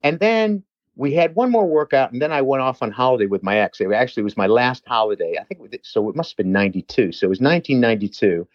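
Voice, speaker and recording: A man's voice: mid-range voice, lively intonation, fast talker, no room sound, muffled recording. A man, a personal trainer, telling a long rambling story in casual chat with many restarts and asides.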